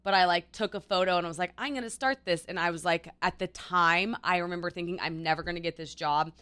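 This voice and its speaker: A woman's voice: lowish voice, quick pace, bright, forceful tone, smooth. A young woman co-hosting a podcast, talking in an earnest, reflective way. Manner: earnest, reflective, many restarts. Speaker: podcast co-host. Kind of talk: casual chat.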